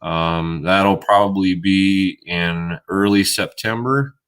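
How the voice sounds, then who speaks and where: A man's voice: low-pitched, a bit bright, clear, resonant tone. A man chatting casually about his outdoor videos, with many restarts and fillers. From Minnesota. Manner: halting, loose talker with many restarts. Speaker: guest outdoors video creator. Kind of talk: casual outdoors chat on a livestream.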